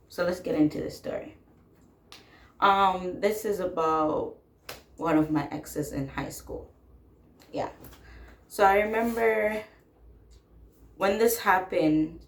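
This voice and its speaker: A woman's voice: deep voice, echoey room. A young woman casually telling a personal story, blunt and sassy, swearing freely and laughing as she talks.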